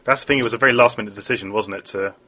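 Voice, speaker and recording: A man's voice: fairly low pitch, rapid-fire, bright, forceful tone. A British man co-hosting a casual games podcast, trading teasing banter. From Britain. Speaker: podcast co-host.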